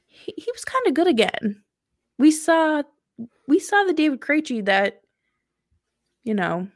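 A young woman talks sports with eager, casual energy. Her voice sits somewhat high, and the recording is dry and close with almost no room sound. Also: no echo. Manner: eager, quick agreeing interjections. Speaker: podcast co-host.

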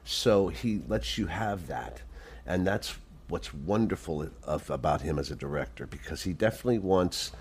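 A man telling a casual backstage story as an interview guest, animated, often restarting sentences and clearing his throat. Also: deep voice, normal speed, a little hiss or hum. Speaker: stage actor and guitarist, interview guest.

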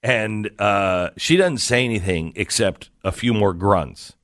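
A man's voice: fairly low pitch, a little slow, fairly bright tone, dry recording, studio quality. A middle-aged man hosting a talk radio show, telling a story and acting out the quotes as he goes.

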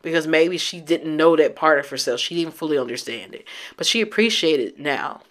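A woman's voice: low-pitched, a little fast. Candid, teary woman vlogging to camera. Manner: candid, emotional, speaks straight to her viewers. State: teary from recent crying. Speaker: vlogger sharing her healing journey. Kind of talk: casual heartfelt talk to camera.

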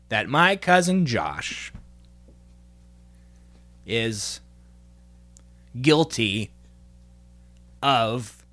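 A man's voice: medium pitch, bright, forceful tone, full character voice. A man playing a smarmy, awkward male gallery curator in an improvised comedy, rambling and flustered. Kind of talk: improvised comedy role-play.

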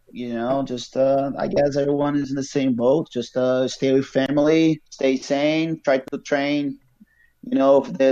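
Relaxed man on a call. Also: mid-range voice, dull audio. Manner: relaxed, rambling, many fillers. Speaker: guest, jiu-jitsu athlete. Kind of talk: casual remote interview chat. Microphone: video call.

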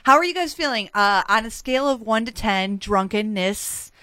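A woman hosting a community radio show in a studio, chatting loosely with guests, swearing freely and filling pauses with "uh". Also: on the high side, animated, sharp tone, no room sound. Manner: swears freely, many "uh" fillers, loose and joking. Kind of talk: casual on-air banter. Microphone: studio microphone.

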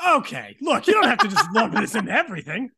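A man's voice: very high voice, fast talker, creaky, husky. A man in his thirties, a departing podcast co-host, chatting casually and laughing at himself. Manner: laughing, self-deprecating, lively. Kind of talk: casual banter.

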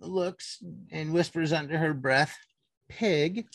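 Lively, laughing tabletop player. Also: medium pitch, normal speed, no room sound, clean studio sound. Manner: laughing, animated. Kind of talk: playing a tabletop game.

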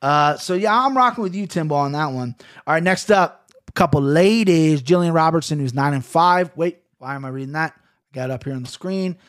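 Ohio-accented male podcast host, slightly high voice, rambling and profane. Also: fairly bright tone. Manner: rambling, profane, quick to laugh. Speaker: podcast host picking fights. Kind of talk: casual betting chat.

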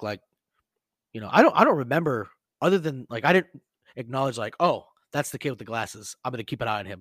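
Man, casual podcast co-host, swears a lot, mid-pitched voice, dry close sound. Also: dry recording. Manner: profane, animated storytelling with shouted quotes. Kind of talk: casual storytelling chat.

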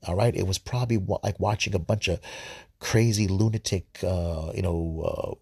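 A man's voice: low-pitched, moderate pace, gravelly, a little mellow, husky, dry recording, studio quality. A man giving informal scripture commentary, earnest, often repeating words and restarting sentences. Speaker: Bible study host.

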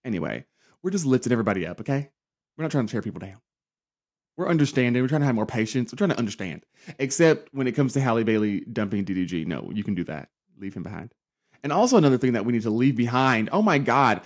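A young man hosting a casual solo pop culture podcast, sassy and campy, dramatic, often jumping up into high mocking voices. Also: animated, fast. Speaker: podcast host.

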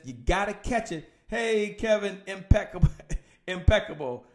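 A man hosting a live motivational sales talk who greets listeners by name. He talks with high energy, repeats key lines, and swings between loud emphasis and low, hushed delivery. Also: lively intonation, measured pace. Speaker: podcast host and business coach.

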